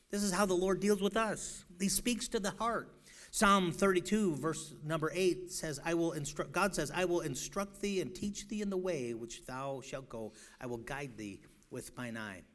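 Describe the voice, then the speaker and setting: A male preacher giving an evangelistic sermon in a church, shouting one moment and pleading softly the next, often repeating himself. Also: sits high, normal speed. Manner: swings from shouting to hushed, pleading; repeats words and restarts. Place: church sanctuary.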